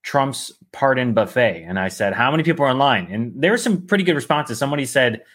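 A man's voice: medium pitch, animated, fast talker, a bit bright. A man co-hosting a casual political podcast, joking and riffing in silly voices. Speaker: podcast co-host.

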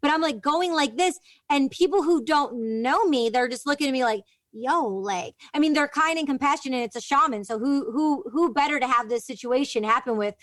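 High-voiced woman rambling through a story. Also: moderate pace, hardly any pauses, no echo. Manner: rambling, animated storytelling with many fillers. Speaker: podcast host. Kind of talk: casual interview chat.

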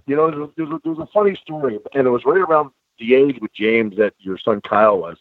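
A man's voice: medium pitch, quick pace, no room sound. A man in his sixties, a retired wrestler, telling stories casually in an interview and saying "bro" and "man" a lot. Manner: animated storyteller, says bro and man a lot. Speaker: guest, retired pro wrestler. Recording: tinny phone-like line, dry.

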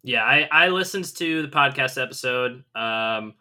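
Young guy on a podcast, super bright voice, jokey and chatty. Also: mid-range voice, animated, unhurried. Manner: jokey, chatty, laughs easily. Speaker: podcast co-host. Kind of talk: casual podcast chat.

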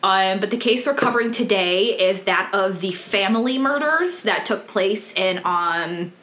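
Chatty bright-voiced woman podcaster, echoey room. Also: medium pitch, unhurried. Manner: chatty, candid, swears, many ums. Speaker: true crime podcast host. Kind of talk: casual true crime storytelling.

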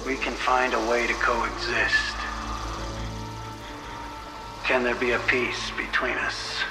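Actor as solemn film president, pleading calmly; echoey clip under loud score. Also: male voice, mid-range voice, slow, loud music behind the voice, natural voice. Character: grave male president pleading for peace. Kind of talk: film dialogue.

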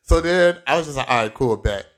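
A young man from Florida on a podcast, telling a story in casual chat and acting out the people in it with sudden jumps in his voice. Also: a little fast. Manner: animated storyteller, acts out quoted lines with big pitch jumps, laughs often. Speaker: podcast co-host.

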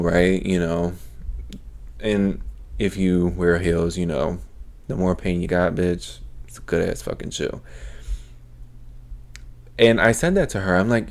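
A young man hosting a podcast, telling a story as a casual, animated rant full of profanity. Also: low-pitched, creaky. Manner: profane, animated, swears constantly. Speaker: podcast host.

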